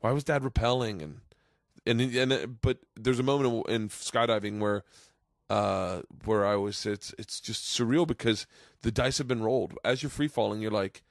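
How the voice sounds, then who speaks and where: A man in his forties hosting a podcast, telling rambling, excitable stories with plenty of swearing. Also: lowish voice, normal speed, no echo, studio quality. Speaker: podcast host. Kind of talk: casual podcast chat, storytelling.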